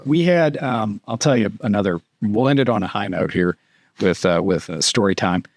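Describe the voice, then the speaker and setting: A man's voice: lowish voice, normal speed, no echo. A man, a retired army captain and guest, telling long rambling war anecdotes in a casual podcast interview, padding with fillers. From United States. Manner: rambling anecdotes padded with "too" and "and everything".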